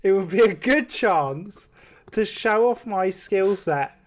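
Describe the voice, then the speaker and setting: Slow-talking playful male podcast host. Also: sits high, lively intonation. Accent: English. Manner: playful, giggly, slips into impressions. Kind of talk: casual comedy chat with impressions.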